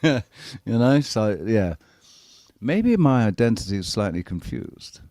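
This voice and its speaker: A man co-hosting a casual podcast, telling stories in an animated, sweary way. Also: fairly low pitch, unhurried, no echo, studio quality. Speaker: podcast co-host. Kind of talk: casual chat.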